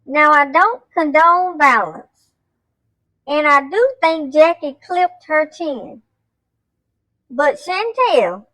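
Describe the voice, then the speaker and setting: A woman adds sassy, teasing commentary to a reality show recap, delivering each line without rushing. Her voice is high and bright, recorded close and dry. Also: no room sound, low-quality recording. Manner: teasing, calls people "girl" and "child".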